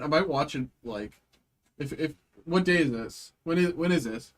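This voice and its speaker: A man's voice: a little high, lively intonation, normal speed. Man rattling off trading card names. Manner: chatty with chat viewers, thanks buyers. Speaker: card break streamer. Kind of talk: live stream pack opening.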